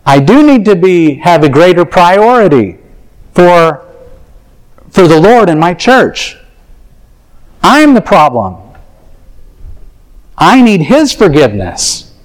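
A man's voice: high-pitched, very animated, takes it slowly, long pauses, rough recording. Earnest man preaching a personal story. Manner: earnest, confessional, acts out his own thoughts. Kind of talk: sermon storytelling.

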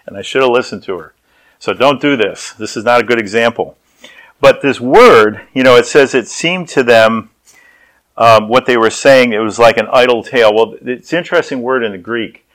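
A man's voice: medium pitch, normal speed, a bit bright, rough recording. Storytelling male pastor preaching. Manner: storytelling, acts out voices. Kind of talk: sermon.

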